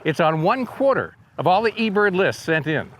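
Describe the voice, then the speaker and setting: Brief: male birding host, somewhat high voice, chatty and joking, faint noise and birdsong behind. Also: sing-song, moderate pace, fairly bright tone. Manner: chatty and wry, imitates birdsong by voice. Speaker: birding guide and video host. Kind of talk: casual educational video narration.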